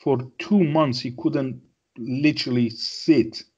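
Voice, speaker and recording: A man with an Iranian accent chats casually as a guest, his English a little broken and peppered with questioning "yeah?" tags. His voice is husky, and the remote audio comes through dull and muffled. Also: mid-range voice, slow, darkish tone. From Iran. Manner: broken English with tag questions, acts out dialogue. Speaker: regular guest. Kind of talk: casual chat.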